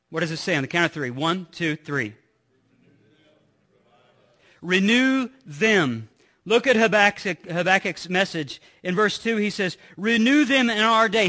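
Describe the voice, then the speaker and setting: Bright-voiced, high-pitched preaching man. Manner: conversational preaching with rhetorical questions to the congregation. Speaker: pastor. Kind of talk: sermon. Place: church sanctuary.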